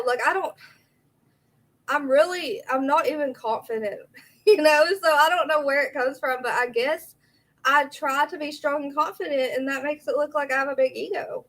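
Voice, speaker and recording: A woman's voice: high-pitched, normal speed, fairly bright tone, poor audio. A woman, hosting a casual livestream, chatty and reacting aloud to viewer comments, a little out of breath. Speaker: livestream host.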